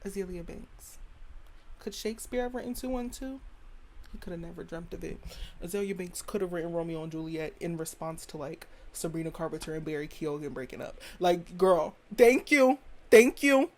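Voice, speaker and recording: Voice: medium pitch, steady tone, fairly quick, a little mellow, slight background noise. A podcast host from the United States giving a casual opinion rant in a sassy, blunt way, repeating punchlines.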